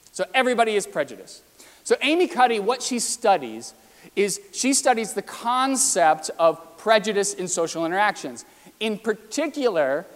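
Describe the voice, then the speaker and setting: A man presenting a talk with slides, explaining ideas and asking his listeners many rhetorical questions. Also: high voice. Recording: long hall reverb.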